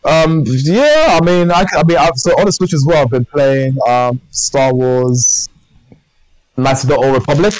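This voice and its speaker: A man's voice: a little high, unhurried, a little mellow, dry recording, poor audio. A man co-hosting a podcast, chatting casually and enthusiastically in a rambling way. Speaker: podcast co-host. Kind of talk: casual chat.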